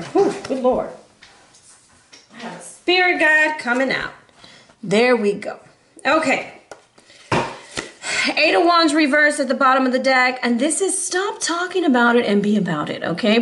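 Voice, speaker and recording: A woman's voice: high voice, moderate pace, long pauses, slight background noise. Sassy tarot reader woman, echoey room. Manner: sassy, animated, talks straight to viewers. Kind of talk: casual tarot reading.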